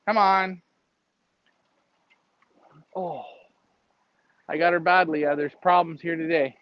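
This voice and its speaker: A man's voice: on the high side, flat delivery, measured pace, dry recording. A man co-hosting a casual live stream, rambling and joking and laughing often. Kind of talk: casual chat. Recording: dry, dull lo-fi stream audio.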